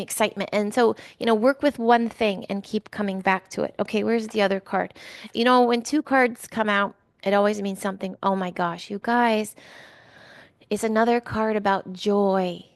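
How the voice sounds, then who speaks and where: A woman's voice: medium pitch, creaky, no room sound, studio quality. A middle-aged woman giving a weekly card reading, talking in a chatty, emotional way with many fillers and restarts. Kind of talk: casual spiritual talk.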